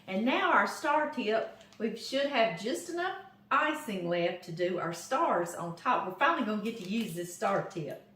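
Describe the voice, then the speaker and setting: An older Southern woman with a Louisiana accent chats to her viewers at an unhurried pace while she works. She is recorded in a home kitchen, and the room echoes noticeably around her voice. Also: medium pitch, animated, fairly bright tone. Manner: chatty, talks straight to viewers as "y'all". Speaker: home cooking vlogger. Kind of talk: casual cooking demonstration. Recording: roomy kitchen echo.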